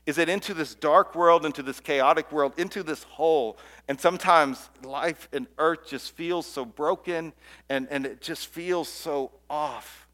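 Earnest male pastor preaching softly. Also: a little high. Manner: earnest, repeats words, drops to near-whispers at key points. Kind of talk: sermon.

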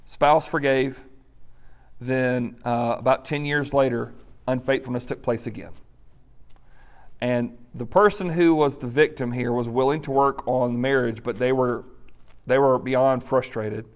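A man's voice: medium pitch, fairly even intonation, measured pace. A male pastor preaching in an earnest, direct, conversational way, with fillers. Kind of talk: sermon.

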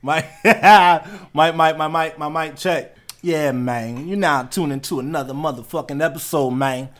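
A man's voice: fairly high pitch, a little slow, a bit bright. A young man hosting a podcast in casual chat, talking in loose, profane, slangy banter. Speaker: podcast host.

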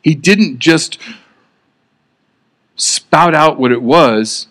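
A man's voice: a little high, extremely slow, fairly bright tone. Earnest man preaching a casual sermon. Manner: earnest, conversational preaching with frequent restarts.

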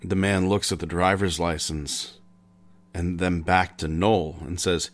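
Slow, deliberate male true-crime storyteller. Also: low voice, fairly even intonation. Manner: unhurried, conversational retelling with pauses. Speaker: podcast host.

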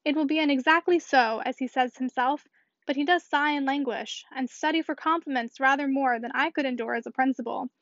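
A woman voicing a clever, decided young lady in a measured, precise reading. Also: high-pitched, a bit bright, dry recording. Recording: dull, dry lo-fi recording.

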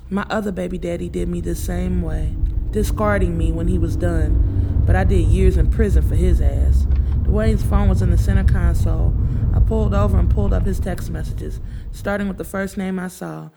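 A woman's voice: fairly low pitch, steady tone, normal speed, gravelly, background noise. A woman narrating a dramatic first-person story in a blunt, profane, emotional way.

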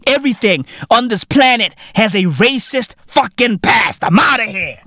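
A man's voice: very high-pitched, lively intonation, moderate pace, pushed and bright, no room sound, studio quality. A man with a South African accent, hosting a comedy show and delivering a profane, mocking, heated rant. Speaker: show host.

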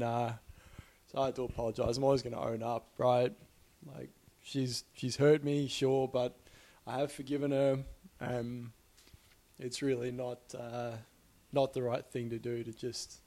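A young man rambles candidly about his week. He swears freely and breaks into laughter now and then. His voice sits at an ordinary middle pitch. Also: little pitch movement, measured pace, creaky, darkish tone. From Australia. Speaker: podcast host. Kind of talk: casual personal monologue.

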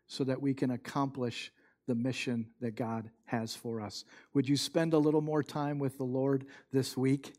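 A man's voice: medium pitch, normal speed. Man preaching a storytelling sermon. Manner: storytelling, quotes people in lively bursts, drops soft for moving moments. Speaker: pastor.

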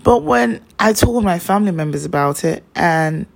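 Low gravelly young woman. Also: lively intonation, moderate pace. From Nigeria. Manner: chatty, rambling, many fillers. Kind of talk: casual personal storytelling.

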